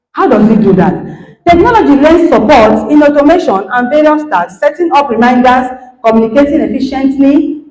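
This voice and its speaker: A middle-aged woman with a Nigerian accent, giving an animated motivational talk that acts out quoted dialogue and checks in with her listeners. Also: high-pitched, roomy sound, poor audio. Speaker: guest speaker, lecturer.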